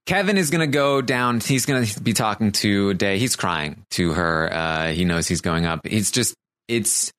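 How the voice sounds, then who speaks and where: A man with a fairly low voice, recorded dry and close with no room sound. He recaps a reality show in casual chat, halting and restarting as he goes. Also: expressive, a bit bright, no echo. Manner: halting, many fillers and restarts.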